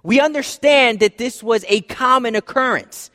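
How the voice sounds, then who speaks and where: High-voiced pastor preaching in a reverberant hall. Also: male voice, moderate pace. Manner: conversational preaching, dropping soft and low for emphasis. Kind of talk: sermon.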